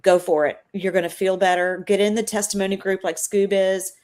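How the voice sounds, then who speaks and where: A woman in her fifties talks as a guest over a video call. She speaks earnestly and persuasively, leaning into a preachy tone, in a voice of ordinary middle pitch. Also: little pitch movement, a little fast, a little mellow. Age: 50s. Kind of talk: casual interview chat.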